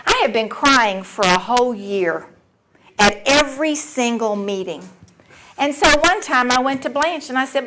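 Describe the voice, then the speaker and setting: Woman telling her story, animated. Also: a little high, moderate pace, poor audio. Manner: animated storytelling, acts out quoted voices, laughs often. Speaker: speaker sharing her story at a recovery meeting. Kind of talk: personal testimony talk.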